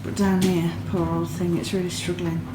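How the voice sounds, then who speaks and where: Sleepy chatty woman, low voice. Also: flat delivery, moderate pace, background noise. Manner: chatty, gushing over small pretty things. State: sleepy, yawning. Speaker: yarn dyer and vlogger. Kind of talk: casual vlog chat. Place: home, craft room.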